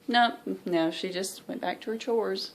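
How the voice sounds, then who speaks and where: A woman's voice: medium pitch, unhurried. A woman in her thirties with a Southern US accent, chatting candidly and rambling in a stitching vlog, sounding tired. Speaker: cross-stitch vlogger. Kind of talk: casual chat.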